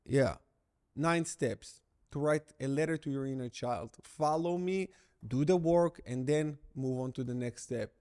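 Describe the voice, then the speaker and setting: A man's voice: on the high side, a little mellow. A middle-aged man coaching viewers through breakup recovery, blunt and emphatic, repeating his key phrases for weight. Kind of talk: direct-to-camera coaching talk.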